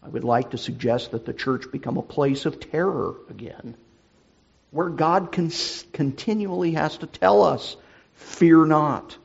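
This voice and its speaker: A middle-aged male pastor with a husky voice, preaching a sermon in an earnest, deliberate way. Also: on the high side, lo-fi sound.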